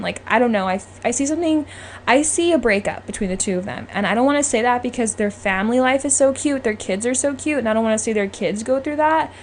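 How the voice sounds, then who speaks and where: A woman's voice: a little high, slight background noise. A young woman hosting her own podcast, chatting casually and full of opinions, often tagging "okay?" onto her points. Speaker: podcast host. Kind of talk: casual solo podcast chat.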